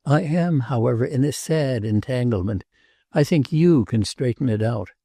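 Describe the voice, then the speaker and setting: A male audiobook narrator voicing a restless, earnest princess who speaks gravely and pleads. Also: medium pitch, expressive, normal speed, warm tone, dry recording, clean studio sound. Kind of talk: audiobook character reading.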